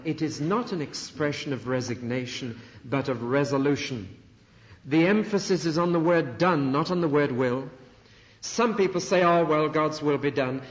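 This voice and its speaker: A middle-aged man preaching a sermon, earnest and emphatic, with dramatic pauses. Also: on the high side. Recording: dull archival sermon recording in a reverberant hall.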